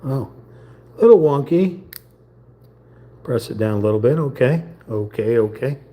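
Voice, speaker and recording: A man's voice: mid-range voice, animated, normal speed, muffled recording. A man streaming live, joking and muttering to himself as he assembles a model. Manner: jokey, muttering to himself while building. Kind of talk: casual live-stream commentary.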